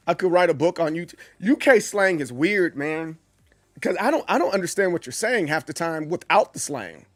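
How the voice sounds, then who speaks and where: Streamer, forties, drawl, higher-pitched, excitable and full of restarts. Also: male voice, moderate pace, no echo, soft background music. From Southern US. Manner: animated, stumbling restarts, acts out quoted voices. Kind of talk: casual live-stream chat with chat.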